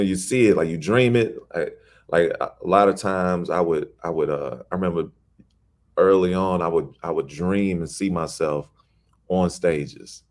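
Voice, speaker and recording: Deep-voiced Chicago man telling stories. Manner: animated storyteller acting out quoted voices. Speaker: poet and guest. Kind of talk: casual storytelling interview.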